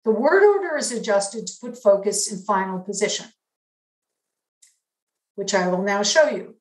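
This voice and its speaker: A woman giving an academic linguistics lecture in a measured, explanatory way, pausing to demonstrate examples. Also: mid-range voice, reverberant, low-quality recording.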